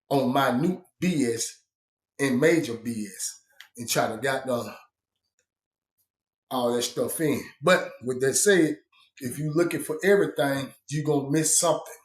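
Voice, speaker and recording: A man tells a casual story about his time in prison, blunt, profane, and full of fillers. He shifts his pitch and loudness to act out the people he quotes, and the recording has a roomy echo.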